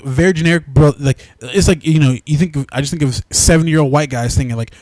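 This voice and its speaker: A man's voice: mid-range voice, fast talker, no room sound. A man co-hosting a casual movie review, talking with animation and breaking into exaggerated mocking voices. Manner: animated, mocks dialogue in exaggerated put-on voices.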